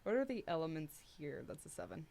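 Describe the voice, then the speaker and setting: A woman's voice: low voice, animated, brisk, gravelly, dark tone. A young woman co-hosting a casual discussion podcast, chatty and upbeat, with frequent "like". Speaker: co-host.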